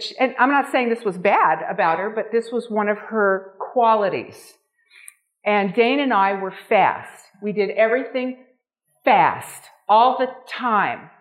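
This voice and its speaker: A woman teaching a nutrition and cooking class to a small group, gushing and enthusiastic as she demonstrates. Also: medium pitch. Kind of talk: live cooking demonstration talk.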